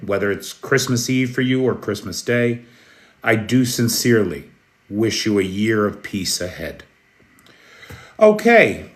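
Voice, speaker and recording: A man from the United States hosting a live news stream, speaking in a slow, measured, friendly way and greeting chat viewers by name. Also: mid-range voice. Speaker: news livestream host. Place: Kyiv, Ukraine.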